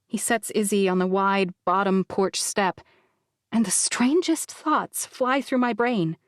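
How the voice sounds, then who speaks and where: A woman's voice: medium pitch, unhurried, dry recording, studio quality. Woman narrating an audiobook. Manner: expressive storytelling. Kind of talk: scripted first-person narration. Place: recording booth. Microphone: studio microphone.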